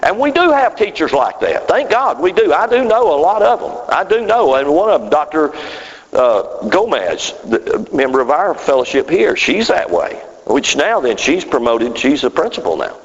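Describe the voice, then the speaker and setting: A man preaches a rambling sermon in a somewhat high voice, his pitch swinging widely. He keeps checking whether the congregation follows him. The sound is muffled and rings with long reverb in a church hall. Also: sing-song, moderate pace. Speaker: pastor.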